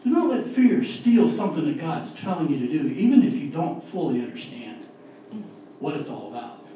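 Delivered in a fairly high voice with big swings in pitch, this lay preacher's sermon is earnest and emphatic, slowing down on each key word as he reads scripture. The recording is distant and echoes strongly through the church sanctuary, with a faint hiss.

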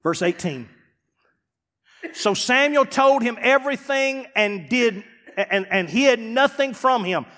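A man preaching a sermon as pastor, swinging from loud emphatic lines to hushed, dropped phrases. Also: very high voice, lively intonation, takes it slowly, big-room sound.

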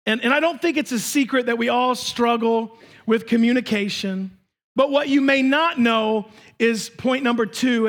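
A male pastor delivers a sermon to his congregation in a church sanctuary. His voice sits unusually high for a man. He pushes some lines out at a shout and then drops to quiet, confiding asides. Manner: emphatic, swings between shouting and hushed asides.

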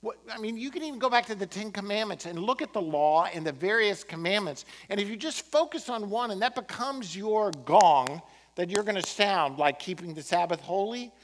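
A man preaching a sermon as pastor, impassioned, swinging from emphatic peaks to quiet, earnest moments. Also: high voice, lively intonation, fairly quick. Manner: impassioned, rising to emphatic peaks then dropping to quiet prayer.

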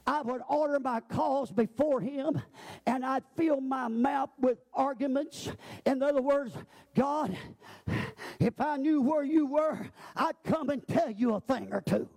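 A male preacher delivering a sermon in a shouting, sing-song cadence. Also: extremely high pitch, unhurried, vocal fry.

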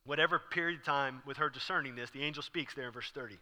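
Bright-voiced preacher in a reverberant hall. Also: male voice, mid-range voice, fast. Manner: conversational, acts out scenes with sudden loud bursts. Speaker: pastor. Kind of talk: sermon.

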